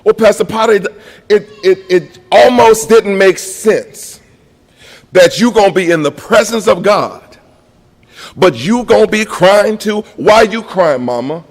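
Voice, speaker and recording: A preacher telling a story in a reverberant church. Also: male voice, unhurried. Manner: storytelling, rising to high emotional peaks then dropping quiet. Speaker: guest pastor. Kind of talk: preaching a sermon. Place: church sanctuary.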